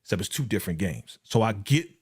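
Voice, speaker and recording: A husky, lowish male voice moves at a quick pace as he hosts a live review of a TV episode. Animated and laughing, he uses plenty of slang, acts out quotes and talks directly to viewers.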